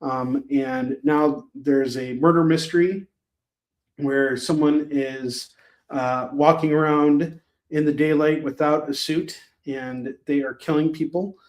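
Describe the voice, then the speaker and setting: A man hosting a live shopping stream, chatting casually with viewers by name and pitching items between self-mocking jokes. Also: steady tone, takes it slowly, darkish tone.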